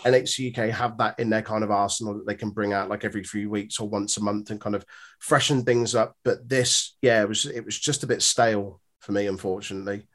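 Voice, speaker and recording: A man's voice: fairly low pitch, steady tone, a little fast, fairly bright tone. A man co-hosting a podcast, chatting agreeably about wrestling matches. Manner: agreeable, chatty, uses mate. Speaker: podcast co-host. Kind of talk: casual wrestling review chat.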